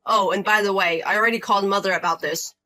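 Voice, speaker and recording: Lady doing a stern husband guy, firm and accusing, bright voice. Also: medium pitch, fairly even intonation, quick pace, soft background music, natural voice. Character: protective angry younger-brother husband.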